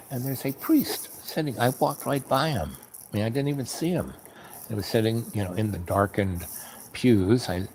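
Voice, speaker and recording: A man's voice: on the low side, slight background noise, poor audio. A man telling a personal story in a casual, rambling way, full of fillers and restarts, frank and candid.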